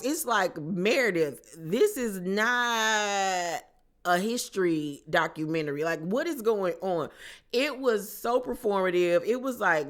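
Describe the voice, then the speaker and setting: A woman's voice: medium pitch, fairly bright tone. A woman hosting a casual reality TV recap with a sassy, slangy, blunt manner. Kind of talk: casual commentary vlog.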